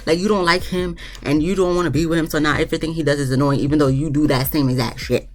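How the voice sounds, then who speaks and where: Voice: medium pitch, quick pace. A reviewer recapping a reality show in casual chat, ranting bluntly with plenty of swearing and acting out what others said. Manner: blunt, profane, animated ranting; often acts out quotes of others.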